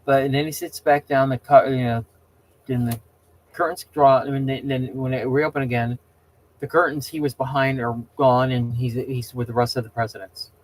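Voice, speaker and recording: A middle-aged man hosts a casual chat with viewers, rambling and opinionated, often restarting sentences and tripping over words. His voice sits at a medium pitch with fairly even intonation and a normal pace. The audio quality is poor.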